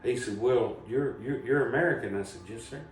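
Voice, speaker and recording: A man's voice: medium pitch, brisk. Man, folksy storyteller, rambling comic host, echoey room, mic a bit distant. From Southern Appalachia, US. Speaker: comedy show host. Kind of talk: casual storytelling. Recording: echoey room, voice from a distance, faint background noise.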